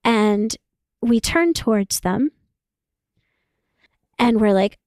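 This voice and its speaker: Woman therapist guest, animated, kinda high voice, laughs a lot, dead dry sound. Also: drawn-out words, dry recording. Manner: animated, acts out quoted voices, laughs often. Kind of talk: casual podcast conversation.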